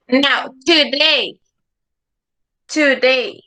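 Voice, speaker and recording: Slow, bright-voiced woman teaching English. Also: high voice, steady tone. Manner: slow, repeating words for students to echo; checks understanding with frequent "okay?". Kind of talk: online class instruction.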